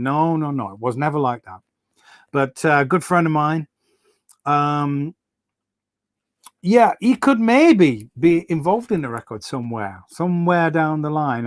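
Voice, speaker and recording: A man's voice: fairly high pitch, no echo, studio quality. A middle-aged man hosts a casual live stream for his fans, telling rambling, enthusiastic stories full of restarts. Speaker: singer hosting a fan livestream.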